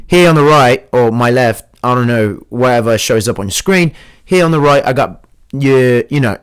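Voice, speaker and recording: A young man hosting his own joking podcast alone, talking in a put-on accent that mixes British and Australian, crude, rambling and mocking himself. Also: mid-range voice. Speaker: host. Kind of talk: joking solo podcast monologue.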